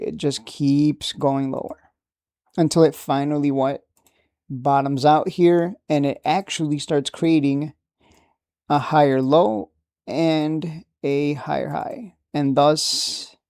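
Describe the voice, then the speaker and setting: Male trading educator, casual lesson delivery, gravelly and slightly high. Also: mellow, no echo, clean studio sound. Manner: conversational, keeps asking "right?".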